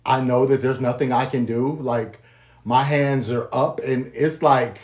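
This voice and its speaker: Calm man in an echoey room. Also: mid-range voice, unhurried, lo-fi sound. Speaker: podcast co-host. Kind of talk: casual testimony chat.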